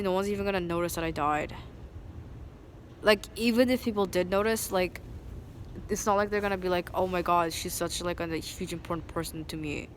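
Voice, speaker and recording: A woman venting to a phone camera at an outdoor bus station, agitated and rambling, full of "like", swinging from low muttering to loud indignation. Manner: agitated, rambling, heavy use of "like". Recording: street noise and passing vehicles.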